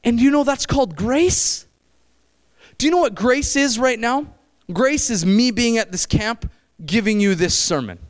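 A middle-aged man preaching at a camp meeting, animated, shifting between loud exclamations and low, intense stretches. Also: unhurried. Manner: acts out quoted voices. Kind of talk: sermon.

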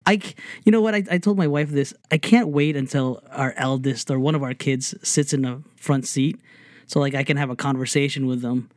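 A man's voice: medium pitch, fairly quick, no room sound. Chuckling man in a dry room. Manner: chuckling, easygoing. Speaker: podcast co-host. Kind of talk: casual chat.

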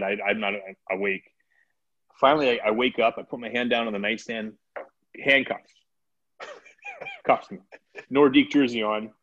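A man telling a long anecdote in casual conversation, animated, slipping into quoted voices of the people in it. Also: medium pitch, dull audio. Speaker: podcast guest. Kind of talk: casual storytelling.

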